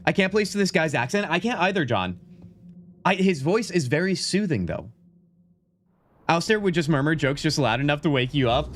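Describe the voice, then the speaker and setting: Excitable young man streaming a game. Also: on the high side, moderate pace. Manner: excitable, chatty, talks to chat, says "dude" often. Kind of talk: live gameplay commentary.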